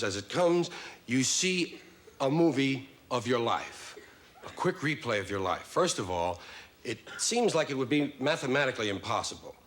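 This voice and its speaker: A man performing a stand-up monologue in a wry, measured storytelling manner. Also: medium pitch, a bit bright. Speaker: stand-up comedian. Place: television studio stage.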